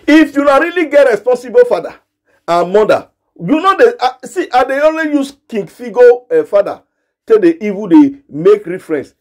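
A Nigerian gossip commentator with a Nigerian Pidgin accent rants in a very high, darkish voice with big pitch swings at normal speed. Scolding and repetitive, he addresses the people he criticizes directly, repeating himself for emphasis.

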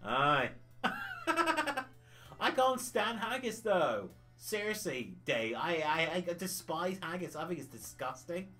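A chatty man from the UK hosts a retro gaming livestream, rambling from one thought to the next and laughing often. His voice sits a little high and swings widely in pitch. Soft music plays faintly behind him. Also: wildly swooping pitch, slow pace. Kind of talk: casual livestream chat.

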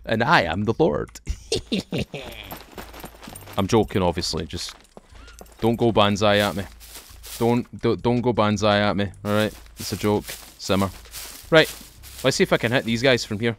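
A man's voice: on the low side, moderate pace, pauses often, a little hiss or hum. A Scottish man playing a survival game, chatting playfully with viewers and joking as he plays. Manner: jokey, excitable, talks to viewers. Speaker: gaming video host. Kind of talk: playful let's-play commentary.

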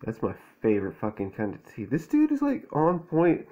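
A man's voice: medium pitch, huge pitch swings, normal speed, mellow, highs cut off. A man reading a children's picture book aloud and breaking off for crude, slangy, laid-back commentary. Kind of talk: stoned commentary over a storybook reading.

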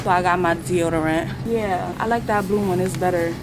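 A woman's voice: lowish voice, fairly quick. A young woman vlogging to a handheld camera, chatting casually and slangily to her viewers while walking through a busy store. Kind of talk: casual vlog chat to camera. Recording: noisy store with crowd chatter. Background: store crowd noise.

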